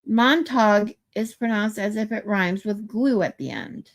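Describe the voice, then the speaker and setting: A livestream host chats in a casual, playful way, reading out viewer comments and trying pronunciations. She speaks unhurriedly in a medium-pitched voice.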